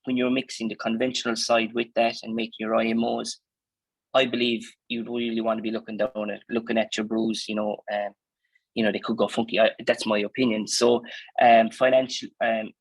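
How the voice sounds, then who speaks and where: An Irish dairy farmer from Ireland answers interview questions in a chatty, plainspoken way, with lots of fillers and restarts. His voice is on the low side, level and fairly quick with a breathy edge, with no echo but low recording quality.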